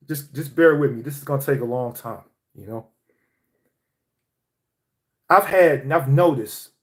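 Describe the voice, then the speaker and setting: A young man from Atlanta, delivering a heated, profane motivational monologue. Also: on the high side.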